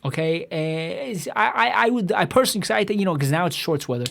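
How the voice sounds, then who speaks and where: Fast-talking ranting man, heavy swearing. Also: high-pitched, animated, gravelly, fairly bright tone. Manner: profane, rambling, repeats and restarts. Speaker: podcast host. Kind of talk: rambling solo rant.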